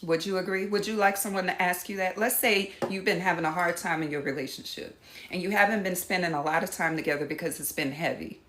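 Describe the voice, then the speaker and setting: A woman's voice: on the low side, quick pace, a bit bright, roomy sound, slight background noise. A woman teaching empaths in a casual live talk, giving direct instructions and calling her viewers y'all. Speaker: empath coach.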